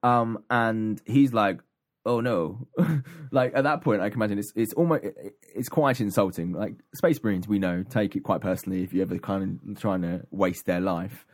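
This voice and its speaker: Low-voiced man recapping a story. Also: normal speed, few pauses. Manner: rambling, many ums and restarts. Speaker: podcast co-host. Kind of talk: casual chat recapping an audiobook.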